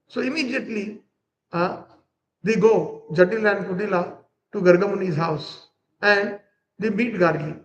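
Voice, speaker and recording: A man's voice: high-pitched, normal speed, highs cut off. A man giving a devotional lecture, animatedly telling a story and acting out its characters. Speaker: spiritual teacher.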